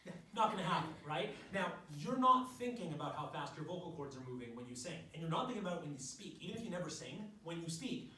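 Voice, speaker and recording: Lively male workshop presenter in an echoey room. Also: quick pace. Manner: lively, demonstrative, leads the room through exercises. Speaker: music education workshop presenter. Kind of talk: live teaching workshop. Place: workshop room with a live audience. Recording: echoey room from far off, clear noise and low rumble.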